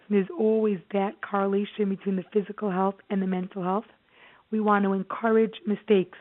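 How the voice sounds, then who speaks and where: Woman therapist, mid-pitched, earnest presenter for parents, tinny phone-quality audio. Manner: earnest, animated storytelling with acted-out quotes. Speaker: child therapist giving a talk.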